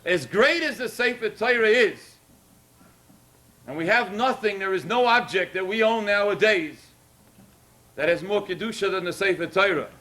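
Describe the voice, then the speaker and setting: At a synagogue's Torah dedication ceremony, a rabbi delivers an emotional sermon that climbs to emphatic peaks. He speaks at normal speed in a high voice that sounds pushed and bright.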